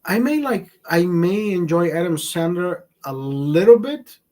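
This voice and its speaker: The voice is high-pitched and darkish in tone, with lively intonation and an unhurried pace. He's a man hosting a casual, profane livestream from home in California, rambling and swearing constantly as he talks with viewers.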